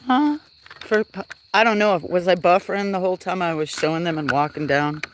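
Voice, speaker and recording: A woman's voice: fairly low pitch, a little fast, background noise. A woman with a Southern US accent streaming live from a farm, chatting casually and cooing in baby talk to her cats while greeting viewers. She is outdoors at dusk, talking into a handheld phone. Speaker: farm livestreamer. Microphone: handheld phone while walking.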